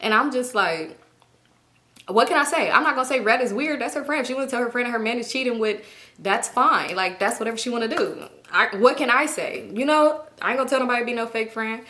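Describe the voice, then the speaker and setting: Fast-talking bright-voiced woman telling a story. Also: a little high. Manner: chatty and animated, speaks straight to viewers; acts out friends' lines in shifting voices. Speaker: storytime YouTuber. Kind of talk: casual storytime chat.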